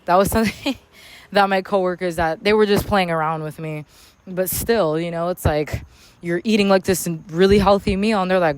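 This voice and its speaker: Loud, candid woman podcast host. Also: fairly low pitch, normal speed, clean tone, dry recording. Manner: loud, candid, slangy and profane. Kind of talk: casual motivational podcast monologue. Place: outdoors in a public spot near traffic.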